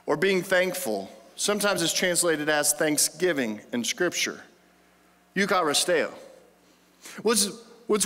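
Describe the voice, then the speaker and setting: A man's voice: high-pitched, pushed and bright. A man preaching a sermon as pastor, conversational and playful, asking the congregation questions. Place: church sanctuary. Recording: long hall reverb in a church.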